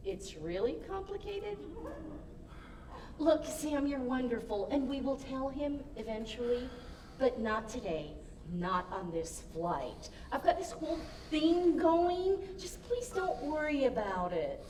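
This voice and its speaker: A woman playing a flustered wife hiding an affair, high and lively. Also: takes it slowly, heavily acted. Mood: pleading. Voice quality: flustered, laughing, exclamatory. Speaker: stage actor. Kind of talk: live stage comedy. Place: theater stage. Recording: echoey theater stage from far off, faint noise.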